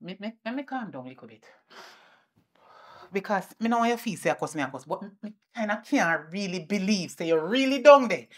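A woman with a Jamaican accent playing a fierce mother who scolds her daughter, swinging between shouting and muttering. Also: mid-range voice, animated, quick pace, hardly any pauses, lightly acted. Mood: scolding. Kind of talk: indie film acting.

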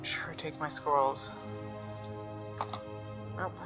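A man's voice: a little high, steady tone, drawn-out words, lo-fi sound. A young man giving sarcastic, profane running commentary while he plays a video game. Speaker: gamer. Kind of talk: let's play commentary. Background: game music.

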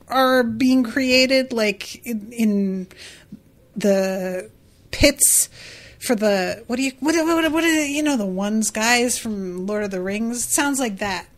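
Slow-talking, giggly woman podcaster. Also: on the high side. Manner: gushing, giggly, swears casually. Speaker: podcast host. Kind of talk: casual book-discussion podcast.

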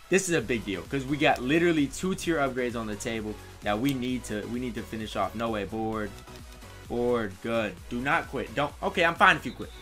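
Excitable man commentating his own game. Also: mid-range voice. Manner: excitable, talks to players on screen. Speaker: gaming YouTuber. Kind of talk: live gameplay commentary.

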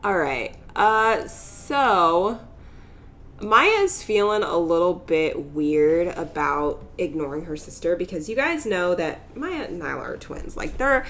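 A woman's voice: on the low side, big pitch swings, fairly bright tone, a little hiss or hum. A young woman casually commentating a life-simulation game as host, chatty and giggly, narrating her characters' drama. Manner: chatty, giggly, voices characters in quick asides. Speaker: let's play host.

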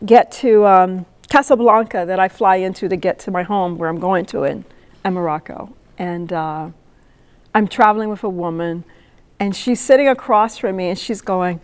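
Middle-aged woman from North Carolina, poet at a lectern, lively storyteller, quizzes the crowd. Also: mid-range voice, a little slow, clear, resonant tone. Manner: animated, asks the audience questions. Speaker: poet giving a talk. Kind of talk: storytelling talk to an audience.

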